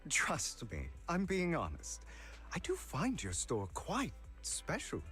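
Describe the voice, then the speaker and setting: Hugo, a suave courtly collector. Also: male voice, a little high, slow pace, soft background music, heavily acted. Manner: smooth, courtly, flattering. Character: suave mysterious man, a refined collector. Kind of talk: game character dialogue.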